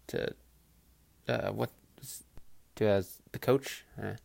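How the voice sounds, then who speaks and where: Guy rambling about football on his podcast, swears a lot, does little voices for players, dry close mic, middle pitch. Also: moderate pace, creaky, pauses often, no room sound. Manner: rambling, profane, animated asides with quoted voices. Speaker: podcast host. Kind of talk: casual football commentary.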